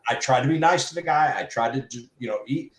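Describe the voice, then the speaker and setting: A man's voice: mid-range voice, quick pace. Man telling shop stories in an echoey room. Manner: animated storyteller, mimics people he quotes. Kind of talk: casual storytelling chat.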